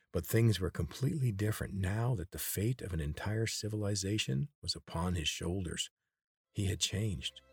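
A man reading a chapter book aloud in steady, measured storybook narration. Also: low voice, husky, dry recording, clean studio sound. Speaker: audiobook reader.

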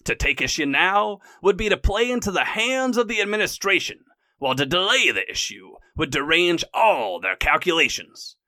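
A man voicing a pompous, defiant Southern senator in a put-on Deep South accent, declaiming grandly. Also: big pitch swings, normal speed, pushed and bright, no room sound, exaggerated voice. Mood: defiant, confident.

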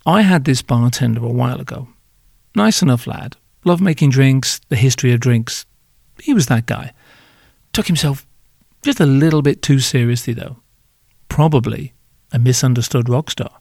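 A man's voice: medium pitch, expressive, moderate pace, creaky, a little mellow, dry recording, studio quality. A man hosting a podcast, delivering advice to hospitality workers in a joking, sardonic, irreverent monologue.

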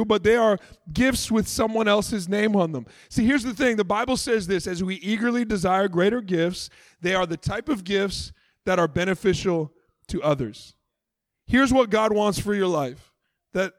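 A middle-aged man delivers a sermon in a high, light voice. He preaches in a conversational, animated way with playful asides. The sound is close and dry, with no room echo. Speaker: pastor.

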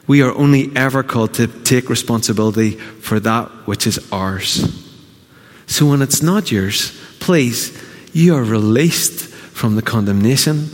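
Earnest male pastor preaching in a church hall. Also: lowish voice. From Northern Ireland. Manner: earnest, exhorting, direct questions to congregation. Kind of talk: sermon.

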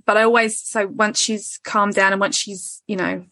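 A woman's voice: mid-range voice, level tone, normal speed, bright, forceful tone, dry recording. A woman, hosting a casual podcast chat, candid and swearing freely as she acts out what others say. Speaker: podcast host.

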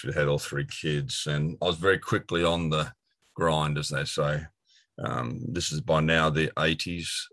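A middle-aged Australian man with a strikingly deep, low voice recounts his own story in an earnest, rambling way, full of "um"s and false starts. The sound is dry and close, with no room around it. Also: fairly bright tone, dry recording. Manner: earnest storytelling with frequent fillers and restarts. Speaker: guest. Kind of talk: personal testimony in an interview.

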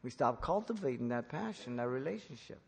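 A man preaching an expository sermon in church, emphatic, rising to loud peaks when quoting. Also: mid-range voice, very animated, fairly quick, creaky, slightly rough, in a large hall. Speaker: pastor.

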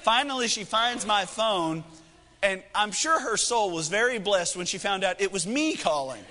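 A man's voice: sits high, expressive, moderate pace, background noise. A man in his thirties preaching a sermon, telling a family story in a folksy, joking, self-deprecating way. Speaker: pastor. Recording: echoey hall reverb.

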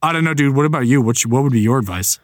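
A man's voice: medium pitch, rapid-fire, no echo, clean studio sound. A man co-hosting a podcast, talking casually and hesitantly as he thinks aloud. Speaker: podcast co-host. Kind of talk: casual chat.

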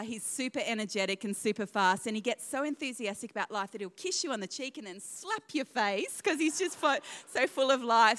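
A woman's voice: a little high, fairly bright tone, big-room sound. A woman in her thirties with an Australian accent, a guest pastor giving a sermon in a church, chatty and self-deprecating with laughing asides. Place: church auditorium.

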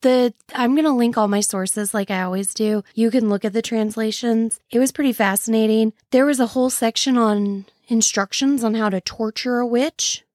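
A woman's voice: on the high side, moderate pace, few pauses, darkish tone, no echo, clean studio sound. Sarcastic woman hosting a history podcast. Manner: sarcastic, wry asides. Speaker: podcast host. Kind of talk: casual history podcast narration.

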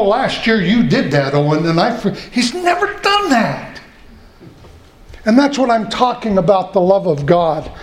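A middle-aged man preaching a sermon in a folksy way, slowing down to repeat key points. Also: high voice, a little mellow. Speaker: pastor. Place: church. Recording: echoey church room.

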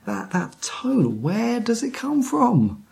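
Guy preaching a sermon, slow and gravelly, keeps restarting words and drops to a whisper now and then. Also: very high-pitched, huge pitch swings, a little mellow. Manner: halting, repeats words, drops to whispers for emphasis. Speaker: pastor.

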